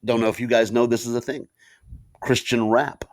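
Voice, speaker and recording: A man's voice: mid-range voice, level tone, normal speed. A man co-hosting a podcast in casual chat, telling stories and laughing often. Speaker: podcast co-host.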